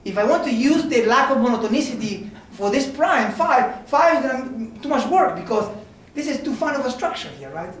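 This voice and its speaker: A man's voice: extremely high pitch, animated, brisk, few pauses, slight background noise. A man giving an informal mathematics seminar lecture, talking conversationally and often checking in with "okay?" and "right?". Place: lecture room. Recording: very echoey room from a distance.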